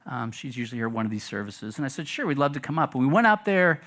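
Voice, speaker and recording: A middle-aged pastor telling a story to his congregation in a relaxed, conversational sermon, often asking the room questions. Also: medium pitch, quick pace. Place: church sanctuary.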